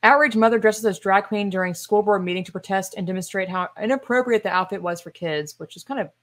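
A podcast host with a mid-range, fairly bright voice rattles through a casual monologue at speed. She's opinionated and emphatic, sounding sarcastic and exasperated as she scoffs at things.

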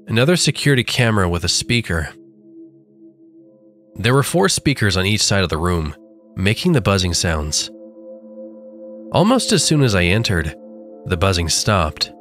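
A man with a low voice reads a scripted horror story, telling it in a dramatic, deliberate way. Faint music plays under his narration. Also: a bit bright.

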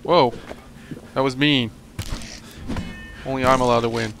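A man's voice: medium pitch, steady tone, measured pace, gravelly, a bit bright, soft background music. A young man commenting on his game as a let's play host, joking and rambling and talking back at the enemies. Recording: noisy home recording.

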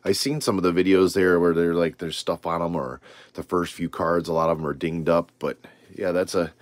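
A man's voice: low-pitched, little pitch movement, normal speed, dry recording. A man hosting a casual card-opening video, reading off names with rambling asides. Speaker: trading card channel host.

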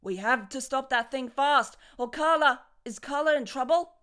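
A woman's voice: sits high, normal speed, a bit bright, clean tone. A woman reading a manga aloud, voicing the characters and sound effects in a playful way. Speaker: manga reader.

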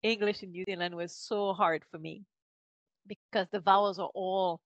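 A woman's voice: mid-range voice, fairly even intonation, normal speed, no echo. Quebec French-accented woman with muffled audio. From Canada. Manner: thoughtful, many fillers and restarts, laughs often. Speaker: guest linguist. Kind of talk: podcast interview.

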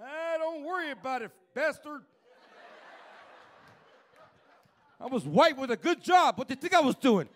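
Man doing a cranky old geezer, very high squeaky voice, swinging pitch, gruff, profane. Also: animated, a little fast. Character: cranky older white man heckling back, crude.

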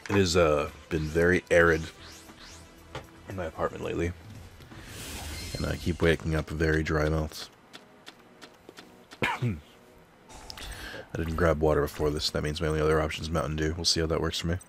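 A man's voice: a bass voice, level tone, moderate pace, gravelly, long pauses, a bit bright, faint music behind. A man thinking aloud while he plays a card game at home, rambling and reading out card text in casual commentary. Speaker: let's play host. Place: home apartment.

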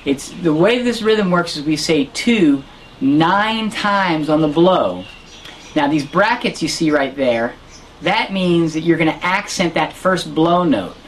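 Relaxed male harmonica teacher. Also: on the high side, takes it slowly, a little hiss or hum, poor audio. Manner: demonstrates sounds and counts beats aloud; relaxed, explanatory, self-correcting. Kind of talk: instructional lesson.

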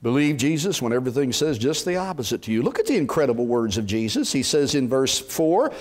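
A pastor with a medium-pitched voice preaches a little fast, with hardly any pauses. His animated sermon acts out what Bible figures might have said.

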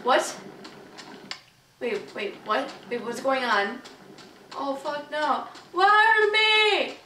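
A woman casually narrating a video game playthrough, excitable and foul-mouthed, yelping and shouting at the game. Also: high voice, extremely slow, a little hiss or hum. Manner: excitable, swears a lot, yelps and shouts at the game. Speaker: gamer doing a playthrough. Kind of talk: casual let's play commentary. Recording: roomy, distant mic with game music. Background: video game music and sounds.

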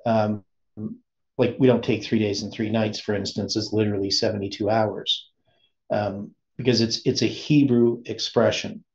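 A man teaching an informal Bible study, speaking haltingly and often stopping to search for words. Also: lowish voice, level tone. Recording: dull lo-fi recording.

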